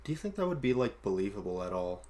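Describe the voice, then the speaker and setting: A woman with an unusually deep, low voice joins a friend as a guest in a casual movie review. She talks in a hesitant, halting way and often trails off mid-thought. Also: sing-song, darkish tone. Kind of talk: casual chat.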